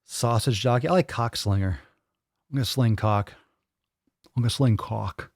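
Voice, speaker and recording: A man's voice: mid-range voice, normal speed, dry recording, clean studio sound. A man hosting a live fitness Q&A, chatting crudely and joking as he reads viewer comments. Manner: crude, joking, mocks voices of others. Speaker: fitness podcast host. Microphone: studio microphone.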